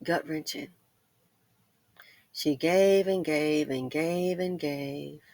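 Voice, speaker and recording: Middle-aged woman, casual commentary host; lowish, bright tone, dry close sound, animated storyteller. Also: very slow, dry recording. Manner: chatty storytelling, addresses ladies directly; laughs and breaks into loud exclamations.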